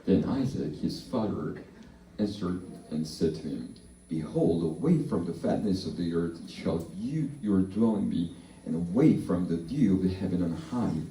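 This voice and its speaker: A man leading a slow, deliberate responsive reading of scripture in a church service. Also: sits low, animated, mellow. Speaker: pastor. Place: church hall. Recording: echoey church hall from far off.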